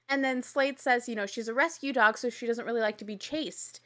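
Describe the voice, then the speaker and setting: A woman casually recapping a reality show, chatty and animated, with quick asides and laughs. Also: a little high. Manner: acts out quoted lines in little voices.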